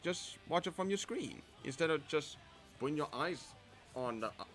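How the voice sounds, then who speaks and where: A man's voice: on the high side, animated, moderate pace, fairly bright tone, soft background music. A man giving casual commentary on his own video, rambling with many fillers.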